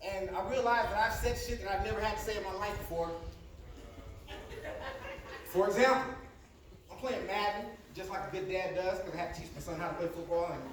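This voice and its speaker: A man's voice: sits high, fairly quick, long pauses. A man in his thirties doing a brash, profane stand-up set on a club stage, telling stories with asides to the crowd. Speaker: stand-up comedian. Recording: echoey club from a distance with noise.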